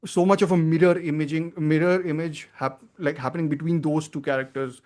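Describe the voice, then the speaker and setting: Man, film podcast host, slightly high voice, earnest, halting. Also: fairly even intonation, a little mellow. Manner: earnest, thinking aloud, many fillers and restarts. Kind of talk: casual film discussion.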